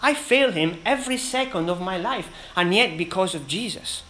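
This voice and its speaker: A man preaching a sermon in an earnest, emphatic way, with dramatic pauses between phrases. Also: high-pitched, lively intonation, pushed and bright, slight background noise, rough recording.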